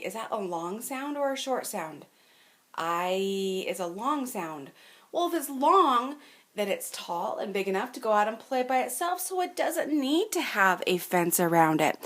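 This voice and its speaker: A woman's voice: mid-range voice, big pitch swings, unhurried. A woman teaching fourth graders a reading lesson from home, explaining patiently in a sing-song way and stretching out sounds. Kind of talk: remote lesson to children.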